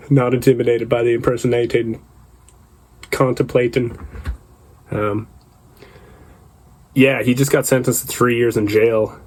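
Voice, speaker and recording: A man hosting a solo podcast, telling a rambling hitchhiking story with plenty of swearing, acting out the people he met. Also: medium pitch. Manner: rambling, swearing, laughing at himself; acts out the people in his stories. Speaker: podcast host.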